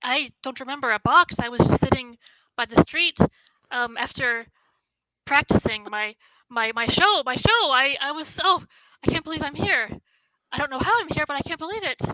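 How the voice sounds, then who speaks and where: A woman voicing a thin, confused, excitable young woman who stammers and exclaims breathlessly. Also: sits high, normal speed, no room sound, poor audio. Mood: flustered.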